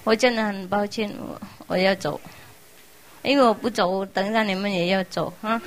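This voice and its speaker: A woman's voice: mid-range voice, moderate pace, low-quality recording. A woman spiritual teacher giving an informal farewell talk to her followers, speaking simple English that is not her first language and laughing often in an affectionate, teasing way. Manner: simple, non-native English phrasing.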